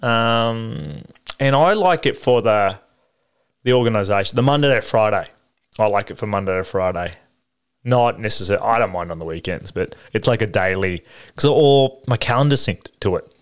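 Aussie guy rambling in casual chat, lots of likes and ums, smooth voice. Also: fairly low pitch, moderate pace. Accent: Australian. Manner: rambling, filler-heavy, animated.

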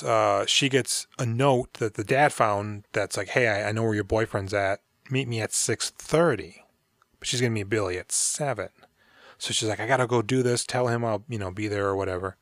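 A man's voice: fairly low pitch, moderate pace, a bit bright, dry recording. A man hosting a podcast, casually retelling a film's plot in a rambling, profane way and acting out the characters' lines. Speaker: podcast co-host. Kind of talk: casual movie recap.

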